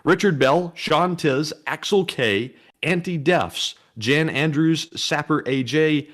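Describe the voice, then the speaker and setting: A man co-hosting a livestream, reading donor names in a steady voice and stumbling over his words now and then. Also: on the high side, slow pace. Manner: steady, reads long name lists, stumbles at times. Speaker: co-host reading donations. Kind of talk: casual livestream chat.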